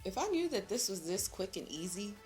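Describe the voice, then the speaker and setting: A young woman talks casually to camera as she does her makeup, chatty and full of slang, laughing easily. Her voice sits at an ordinary middle pitch, with faint music playing behind her. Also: very animated, brisk, darkish tone. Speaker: beauty vlogger. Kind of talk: casual vlog chat while doing makeup.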